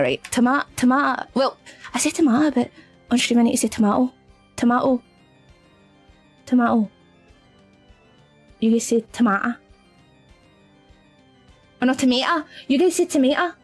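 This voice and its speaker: A woman's voice: fairly high pitch, expressive, fairly quick, long pauses, soft background music. A woman with a Scottish accent chatting casually on a live stream as a VTuber, giggly, easily flustered and affectionate toward her viewers.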